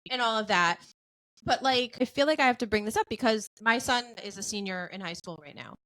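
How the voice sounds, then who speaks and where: A woman's voice: on the high side, expressive, fairly quick, fairly bright tone, poor audio. A woman in her forties hosting a podcast, talking bluntly and animatedly and laughing often. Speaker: podcast host. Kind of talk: casual podcast chat.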